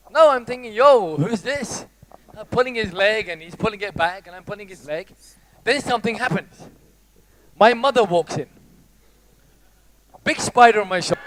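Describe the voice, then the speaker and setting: Male motivational speaker, high voice, theatrical storyteller who works the crowd on stage. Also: fairly bright tone. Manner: playful, theatrical storytelling, addresses the audience. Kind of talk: live motivational talk. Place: stage before a live audience.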